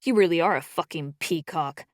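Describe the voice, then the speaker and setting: A woman's voice: low-pitched, moderate pace, no room sound, clean studio sound, natural voice. A woman voicing a mocking male shifter bully in a prison yard.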